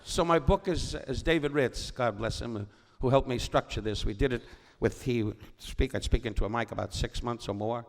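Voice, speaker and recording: At a moderate pace and with hardly any pauses, an older comedian guest from New York tells rambling, wisecracking stories before a live audience. His mid-range voice is gravelly, and he often cuts in on himself.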